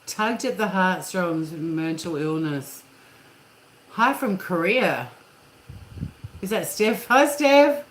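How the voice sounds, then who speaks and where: A woman's voice: lowish voice, lively intonation, slow, long pauses. A woman hosting a casual live chat with viewers, talking candidly and swearing freely. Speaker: livestream host. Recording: echoey room with faint hum.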